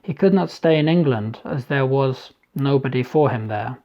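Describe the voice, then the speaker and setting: A man voicing a jovial Ukrainian embassy man with a thick Ukrainian accent, speaking heartily and loudly in an audiobook reading. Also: mid-range voice, moderate pace, dull audio, close to an everyday voice.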